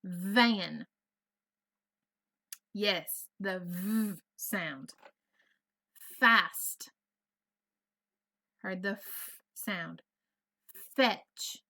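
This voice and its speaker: A woman's voice: medium pitch, drawn-out words, pauses often, pushed and bright. A woman teaching an online first grade phonics lesson, patient and encouraging, carefully over-enunciating each sound. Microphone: computer mic on a video lesson.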